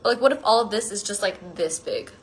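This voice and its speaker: A woman's voice: mid-range voice, lively intonation, fast talker, slight background noise. Rambling tired young woman on a livestream. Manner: rambling, many "like" fillers, drifting thoughts; drops to a soft near-whisper at times. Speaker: livestream host answering fan comments. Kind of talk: casual chat on a solo phone livestream.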